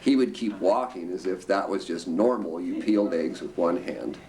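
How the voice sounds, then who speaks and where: A deep-voiced older man from the Northern California coast tells rambling, chuckling stories about the old days. He sounds set back from a distant microphone, with a faint hum of room noise behind him. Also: normal speed. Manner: rambling, lively, with frequent chuckles. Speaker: storyteller guest. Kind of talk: anecdotal storytelling. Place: museum talk event. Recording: distant mic with background noise.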